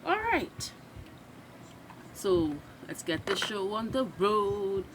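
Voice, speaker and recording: A woman's voice: mid-range voice, big pitch swings, takes it slowly, background noise. A woman from Trinidad with a Trinidadian accent, chatting loosely through a TV recap as a reaction video host and restarting her sentences. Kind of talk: casual recap and live reaction.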